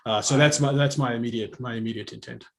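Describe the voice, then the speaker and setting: A man's voice: mid-range voice, fairly even intonation, quick pace, vocal fry. A middle-aged man talking reflectively as a guest, often restarting his phrases and laughing easily. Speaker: guest speaker. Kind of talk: conversational online talk.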